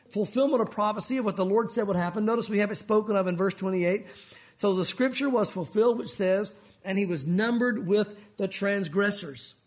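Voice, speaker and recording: A male pastor preaching to his congregation with real passion, calling them "guys" as he goes. His voice sits high for a man. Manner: passionate, talks to listeners as "guys". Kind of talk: sermon.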